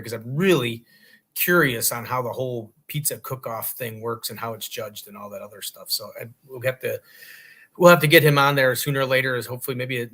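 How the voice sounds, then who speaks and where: Bright, husky-voiced male co-host. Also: medium pitch. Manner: rambling, restarts sentences often. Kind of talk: casual chat.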